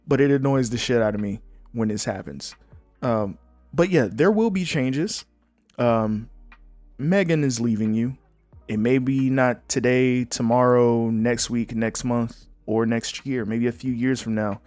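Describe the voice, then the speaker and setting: A man hosts a solo podcast in a loose, rambling way, joking and candid as he goes. His voice sits at a middle pitch and sounds dry and close to the mic, with faint music under it. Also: a little mellow, no echo. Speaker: podcast host. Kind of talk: casual solo podcast chat.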